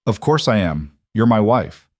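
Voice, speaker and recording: A man voicing a steady, protective husband who speaks calmly and reassuringly. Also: on the low side, measured pace, no echo, clean studio sound. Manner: calm, reassuring.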